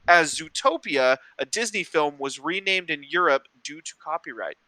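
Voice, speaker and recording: A man's voice: fairly high pitch, lively intonation, normal speed, sharp tone, dry recording, poor audio. A man co-hosting a fan discussion show, chiming in with short reactions and asides. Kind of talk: casual livestream chat.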